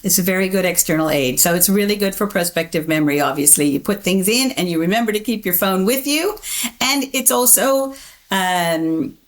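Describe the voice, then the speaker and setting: A middle-aged woman, a memory researcher, giving measured, explanatory interview answers and laughing easily. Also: medium pitch, lively intonation.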